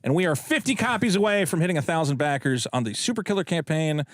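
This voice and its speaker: A man co-hosting a podcast, reading out super chats with quick, crude, jokey banter. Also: on the high side, animated, dry recording, clean studio sound. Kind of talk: casual podcast chat.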